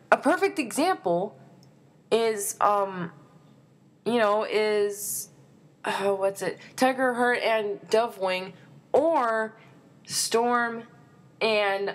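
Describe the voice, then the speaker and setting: A young woman vlogging a fan opinion rant, excitable and exasperated, with lots of fillers. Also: mid-range voice.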